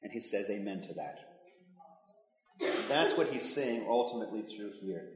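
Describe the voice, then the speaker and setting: A man's voice: fairly low pitch, lively intonation, normal speed. A man preaching a sermon as pastor, conversational and emphatic, speaking in a church hall. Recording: echoey hall with long reverb.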